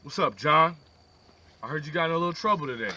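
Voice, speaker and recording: A man's voice: on the high side, fast, bright, forceful tone. A man voicing an easygoing, friendly father who talks in a laid-back, coaxing way, on a distant lo-fi phone video.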